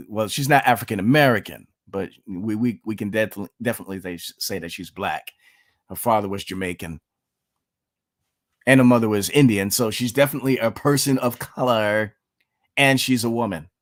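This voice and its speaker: A man hosting his own channel, giving an opinionated commentary monologue, emphatic and full of rhetorical questions with sudden jumps in pitch. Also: fairly bright tone. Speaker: political commentator, channel host.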